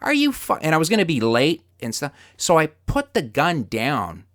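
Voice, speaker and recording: A man hosting a podcast, telling stories in casual chat, swearing freely and getting loud as he relives his anger. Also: fairly high pitch, normal speed, dry recording, clean studio sound. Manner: animated storyteller, swears freely, gets loud retelling anger. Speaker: podcast host.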